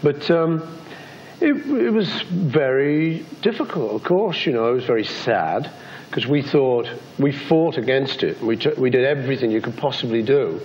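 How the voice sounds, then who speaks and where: A British man in his fifties, giving a reflective interview in a soft, halting, heartfelt way. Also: medium pitch, expressive, slight background noise. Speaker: interview guest. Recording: slightly dull archival interview audio.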